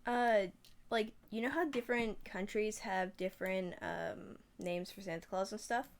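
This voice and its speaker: A woman's voice: medium pitch, steady tone, normal speed, a little hiss or hum. A woman hosting a podcast in casual chat, hesitant and giggly. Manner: hesitant, many fillers and restarts, giggly. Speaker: podcast host.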